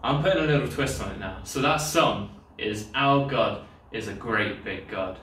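A man's voice: lowish voice, normal speed, a little hiss or hum. Man leading kids' worship, echoey and distant. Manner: cheerful, encouraging, explaining to children. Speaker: children's worship leader. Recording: echoey room, distant mic, loud guitar. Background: own guitar playing.

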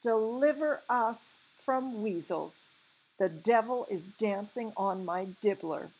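A woman's voice: mid-range voice, animated, takes it slowly, slightly rough, rough recording. A woman doing an agitated big friendly giant. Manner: mangled words, loud exclaiming. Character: big clumsy kind male giant, distressed.

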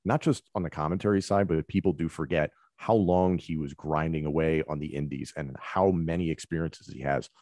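Male commentator, deep voice, relaxed conversational delivery, dry recording. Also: brisk, few pauses, no echo. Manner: relaxed, conversational, explains with examples. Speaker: wrestling commentator. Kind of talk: conversational interview answers.

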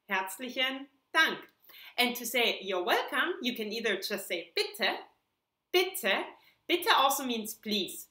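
Bright-voiced woman teaching slowly. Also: fairly high pitch. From Germany. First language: German. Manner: patient, enunciates words slowly and repeats them. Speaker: language teacher. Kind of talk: video language lesson. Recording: echoey room.

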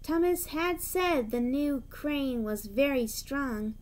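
A woman's voice: high voice, animated, slow pace, a little mellow. A woman reading a children's train storybook aloud, adding chatty asides of her own between the narration.

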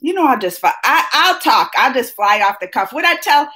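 A high-pitched woman chatting live with her viewers from home. She talks in an excitable, rambling way, laughing often and answering her chat. Her voice bounces up and down a lot. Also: normal speed. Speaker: livestream host. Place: at home, just woken up.

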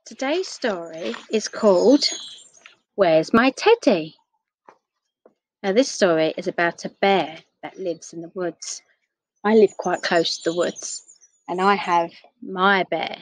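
Slow, gentle woman reading a storybook. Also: on the low side, breathy edge, no room sound. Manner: gentle, slow, asking listeners questions. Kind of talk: reading a picture book aloud to children.

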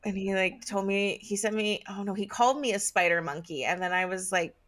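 A woman's voice: mid-range voice, a little fast, fairly bright tone. A woman co-hosting a casual chat podcast, chatty and giggly, often stumbling over hard words. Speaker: podcast co-host.

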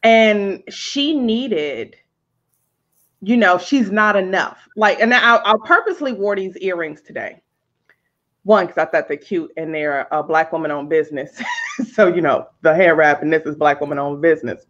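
A woman chatting casually in a movie review, animated, emphatic and profane. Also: on the low side, unhurried. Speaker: podcast co-host. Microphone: video call. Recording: slightly dull lo-fi audio.

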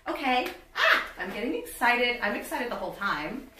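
A woman in her fifties chatting excitedly in a casual unboxing video and reading product labels aloud. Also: on the high side, moderate pace, roomy sound, recorded from a distance, noisy background. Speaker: beauty vlogger.

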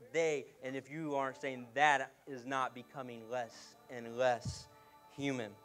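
A man preaching a sermon as pastor, telling stories with jokes and putting on voices for the characters. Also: medium pitch. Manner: lively storytelling with jokes and acted voices.

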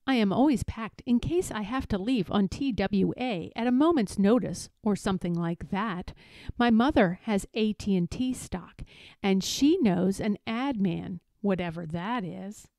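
A woman reading a children's picture book aloud in a playful, expressive, emphatic way. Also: mid-range voice, unhurried, dry recording. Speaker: read-aloud narrator.

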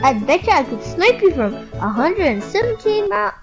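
A person with a woman's voice commentating a shooter game, swearing and shouting in frustration at other players. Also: very high-pitched, big pitch swings, moderate pace. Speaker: gamer. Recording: voice over loud game music. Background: loud game music.

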